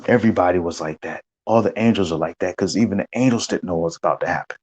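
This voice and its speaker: A man animatedly recounting a spiritual vision as testimony, acting out gasps and shouts along the way. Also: low-pitched, fast, husky, low-quality recording.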